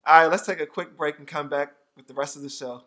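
A podcast host chatting casually, with a relaxed, teasing manner. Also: mid-range voice. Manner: relaxed, quick to laugh, teasing. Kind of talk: casual chat.

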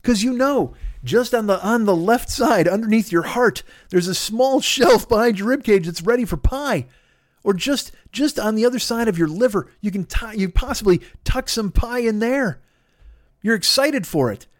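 Here a Midwestern podcast host, middle-aged and from Chicago, talks at normal speed in a high voice. The studio-quality recording is dry. His casual rant is animated and heavy with profanity, and he keeps tripping over himself and restarting.

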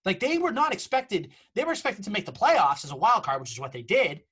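A sports podcast co-host giving strong opinions in casual chat, tossing off quick dismissive asides. The pitch swings widely, so the delivery sounds animated and lively. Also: slightly rough.

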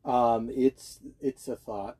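A man's voice: mid-range voice, steady tone, slow pace, warm tone, slightly rough. A young man in casual conversation, speaking earnestly and hesitantly, often restarting his sentences. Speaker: guest. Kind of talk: casual chat.

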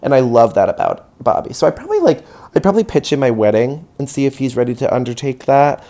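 A man's voice: mid-range voice, big pitch swings, quick pace, mellow. Male podcast host, solo comedic rant, sarcastic, self-mocking, swears a lot. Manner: rambling, self-deprecating, sarcastic, swears freely.

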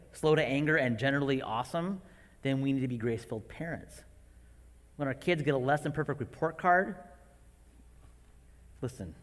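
A man in his forties preaching a sermon to parents, animated and acting out his own outbursts. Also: mid-range voice. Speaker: pastor. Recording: long hall reverb.

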